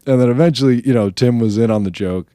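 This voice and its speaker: A man, a comedian from New Jersey, telling a story in casual chat, animated, swearing and acting out the people he quotes. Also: medium pitch, quick pace, no echo, clean studio sound. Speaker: comedian guest.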